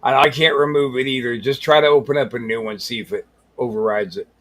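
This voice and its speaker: A man's voice: medium pitch, fairly even intonation, fast, a bit bright. A man co-hosting a podcast, chatting casually about videos in a blunt, crude and enthusiastic way. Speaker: podcast co-host. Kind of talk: casual chat reacting to videos.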